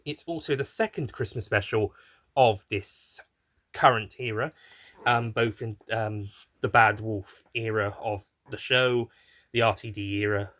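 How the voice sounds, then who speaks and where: A man's voice: medium pitch, a bit bright. A man giving a casual spoken review, rambling and digressive with many fillers and restarts. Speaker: video reviewer.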